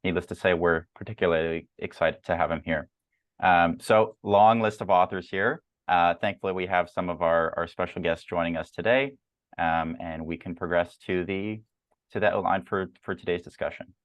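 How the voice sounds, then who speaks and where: A man hosting an academic journal club, presenting slides in a measured way with frequent fillers and repeated words over a video call. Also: low voice, fairly even intonation, no room sound, lo-fi sound.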